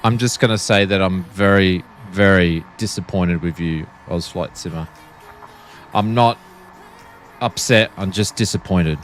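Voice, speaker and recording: A man's voice: sits low, measured pace, soft background music. Joking Australian guy streaming. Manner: joking, playfully pleading. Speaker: flight sim streamer. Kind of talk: casual live-stream chat.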